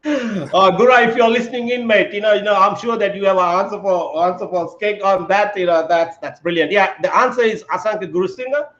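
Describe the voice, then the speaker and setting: This live-stream host talks a little fast with hardly any pauses, his high voice fairly bright in tone. Casual and chatty, he uses tons of fillers and calls his guest "mate." The audio is echoey and dull lo-fi.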